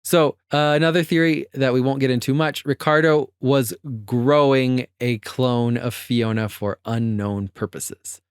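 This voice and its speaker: A man's voice: mid-range voice, unhurried, few pauses, clear, resonant tone, dry recording. Male podcast co-host, casual and giggly, dry close mic. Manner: laughing, animated storytelling. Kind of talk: casual chat.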